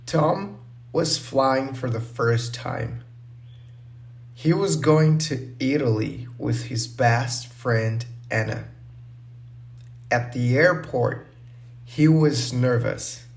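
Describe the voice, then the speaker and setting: A man narrating a simple story for English learners, slow, clear and deliberate. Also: medium pitch.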